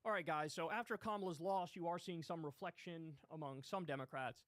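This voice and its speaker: A man's voice: on the high side, brisk, fairly bright tone, no room sound. A man presenting a political commentary video, speaking emphatically and directly to viewers.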